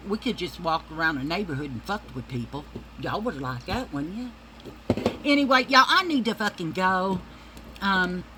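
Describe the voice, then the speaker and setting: A woman's voice: fairly low pitch, pushed and bright, a little hiss or hum, rough recording. A woman ranting to camera in a casual vlog, heated, profane and confrontational. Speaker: vlogger.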